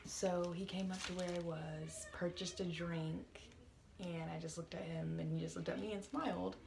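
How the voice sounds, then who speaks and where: A woman's voice: lowish voice, steady tone, moderate pace, gravelly, background noise. A young woman telling a work story to her camera in a chatty, exasperated way, full of fillers. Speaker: vlogger. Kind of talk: casual storytime vlog.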